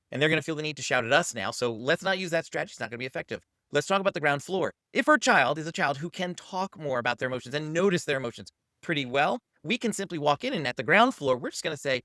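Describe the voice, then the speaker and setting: A man's voice: fairly high pitch, animated, fast talker, fairly bright tone, dry recording, clean studio sound. A man hosting a parenting channel, teaching to camera in an upbeat coaching manner and acting out what to say to a child.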